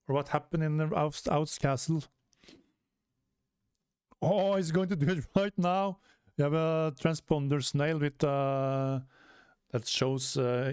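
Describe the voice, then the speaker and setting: A man's voice: fairly high pitch, darkish tone, smooth, dry recording, clean studio sound. A man reading a comic aloud and commenting casually as a reaction host, hesitant, with many fillers and self-corrections.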